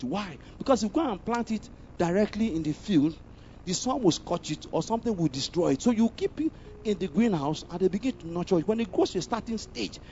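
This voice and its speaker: A man preaching a sermon, emphatic, often asking the congregation whether they follow him. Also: sits high. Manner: emphatic, asks the congregation questions, bursts into loud exclamations. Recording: slightly muffled recording with faint background noise.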